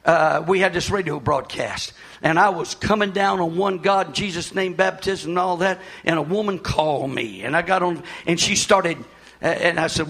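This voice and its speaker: A man, preaching a sermon as pastor in a folksy way, often shouting and repeating himself. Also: fairly high pitch, measured pace.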